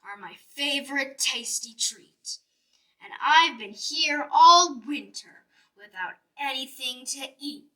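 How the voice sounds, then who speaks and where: A woman voicing a big, greedy, grumbling male bear in a read-aloud storybook, slow and booming. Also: animated, pushed and bright, recorded from a distance, exaggerated voice. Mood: gruff.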